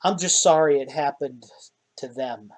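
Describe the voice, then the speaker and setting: A man voicing a wounded, grieving male dwarf warrior who talks gruffly and plainly, with weariness in it. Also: fairly high pitch, measured pace, a little mellow.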